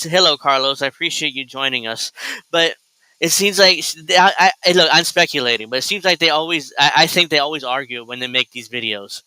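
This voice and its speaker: Bright, crisp-voiced man mocking a video. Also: brisk, no room sound, poor audio. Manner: animated, mocking, mimics people in high voices. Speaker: host reacting to a video. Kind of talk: casual reaction commentary.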